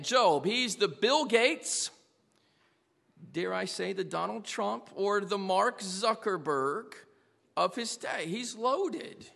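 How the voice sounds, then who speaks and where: Male pastor, sermon, emphatic, rhetorical questions, very high bright voice, long church reverb. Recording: long reverb of a large hall.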